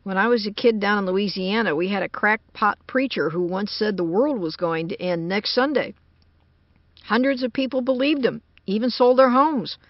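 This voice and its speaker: A gruff, sardonic man from the American South answers dryly, as a woman narrator puts him on. The storybook recording sounds dull and close, with no room around it. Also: mid-range voice, moderate pace, dry recording, natural voice. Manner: dry, growling, sardonic.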